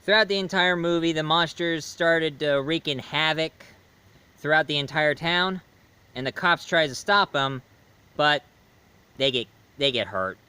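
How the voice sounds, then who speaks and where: A man's voice: on the high side, unhurried, bright, forceful tone, clear, resonant tone, rough recording. A man chatting through a casual video film review, rambling with many fillers and restarts. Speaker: movie reviewer.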